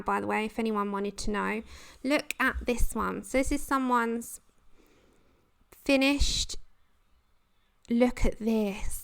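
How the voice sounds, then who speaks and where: A woman's voice: a little high, gravelly, clean tone. A woman hosting a casual colouring livestream, chatting and giggling as she reads the chat. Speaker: livestream host.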